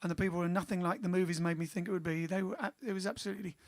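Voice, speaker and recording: A man's voice: high voice, fairly even intonation, rapid-fire, dry recording, clean studio sound. A man hosting a casual live stream, bantering playfully and making jokes.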